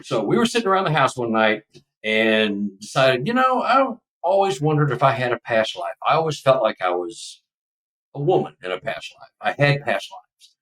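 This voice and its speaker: A man's voice: mid-range voice, very animated, moderate pace, fairly bright tone, distant mic, low-quality recording. A man in his seventies from Texas, a podcast guest telling a personal story in a casual, emotional, rambling way.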